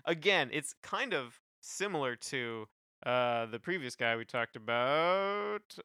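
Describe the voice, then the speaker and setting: Hesitant young man, bright and crisp. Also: mid-range voice, animated, slow pace, dry recording, clean studio sound. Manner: hesitant, many fillers and restarts. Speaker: podcast co-host. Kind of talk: casual chat reviewing music.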